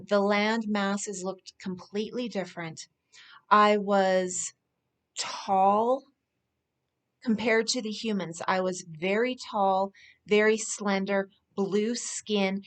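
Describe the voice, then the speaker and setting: A woman speaking as a spiritual speaker, telling personal stories in an earnest, unhurried way with soft laughs. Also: mid-range voice. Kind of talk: personal storytelling monologue.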